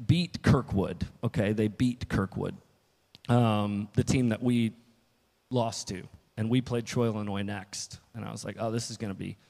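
A man's voice: lowish voice, a little mellow. A man preaching a casual, story-filled sermon as pastor, often restarting and quoting himself. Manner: storytelling with restarts and quoted asides. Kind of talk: conversational sermon. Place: church hall. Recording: long reverb of a church hall.

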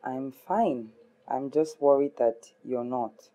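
An actress with a Nigerian accent playing a caring friend who asks soft, concerned questions. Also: female voice, a bass voice, slow, dull audio. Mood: worried.

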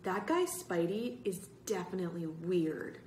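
A woman's voice: lowish voice, unhurried, darkish tone, slight background noise, natural voice. Woman doing a teasing, wisecracking boy. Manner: teasing, mocking. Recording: roomy echo.

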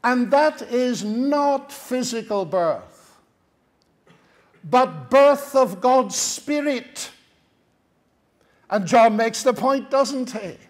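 An Irish man gives a Bible teaching talk in a fairly high voice. He speaks slowly and deliberately and often turns to his listeners with rhetorical tag questions. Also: animated. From Ireland.

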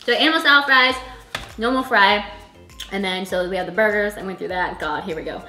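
Filmed on a friend's camera in an echoey room with faint music, a vlogger chats casually while eating, rambling and laughing a lot. She speaks briskly in a medium-pitched, sharp-toned voice.

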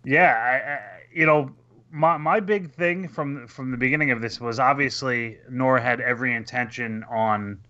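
A man's voice: mid-range voice, moderate pace, sharp tone. A man co-hosting a podcast in casual chat, talking loosely with many fillers and hesitations. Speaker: podcast co-host. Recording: dull lo-fi sound.

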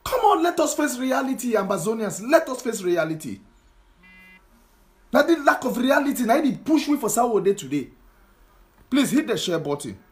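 Man, Cameroonian Pidgin English accent, very high pitch, impassioned online rant, scolding, repetitive. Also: sing-song, moderate pace, pauses often. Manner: scolding, repetitive rhetorical questions. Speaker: political commentator. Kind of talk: impassioned social media monologue.

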